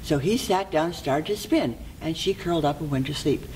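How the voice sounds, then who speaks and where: A storyteller telling a fairy tale aloud to listeners in a lively, expressive way, with repeated folk-tale phrasing. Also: medium pitch, a little fast, slight background noise, low-quality recording.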